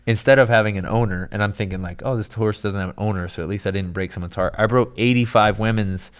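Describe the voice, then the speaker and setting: A man's voice: fairly low pitch, fast talker, clear, resonant tone. A young man on a podcast, telling a long story in a loose, rambling way, full of "like" and "dude.". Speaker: podcast guest. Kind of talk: casual storytelling chat.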